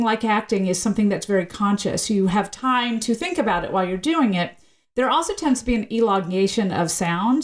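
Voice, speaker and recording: Woman, linguist guest, from the American South, explanatory, articulate, checks in with "right?", mid pitch. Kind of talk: podcast interview, explaining.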